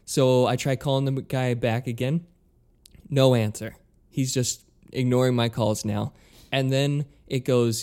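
A man's voice: medium pitch, measured pace. A man in casual conversation, animatedly telling an exasperated story with lots of swearing and acted-out dialogue. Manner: animated, exasperated, swears a lot, acts out both sides of calls.

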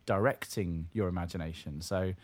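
A man with a somewhat low voice chats casually about audio fiction. He is animated and quick to laugh, slipping into acted-out quotes. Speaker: co-creator and voice actor. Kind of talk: casual conversation.

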